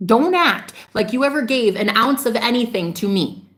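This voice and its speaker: A woman delivering a fiery, preachy monologue straight to her viewers, swearing freely and scolding them, with sharp jumps in pitch on her outbursts. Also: expressive, normal speed. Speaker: spiritual vlogger. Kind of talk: ranting monologue to camera.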